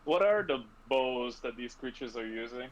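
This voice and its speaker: A man playing a tabletop game, speaking in a calm, matter-of-fact way. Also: mid-range voice, normal speed, a little hiss or hum. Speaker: player. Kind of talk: casual tabletop game chat. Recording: dull lo-fi mic.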